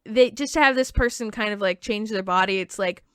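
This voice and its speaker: A woman's voice: medium pitch, fairly quick, clean tone, dry recording, studio quality. A woman comedian chatting casually on a podcast, rambling and giggly, with lots of fillers. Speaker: guest comedian.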